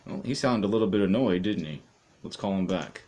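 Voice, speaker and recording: Deep-voiced man cold-calling live. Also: animated, brisk, darkish tone, a little hiss or hum. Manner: chatty, talks to viewers between calls. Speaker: cold caller for real estate listings. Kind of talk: casual live-stream commentary.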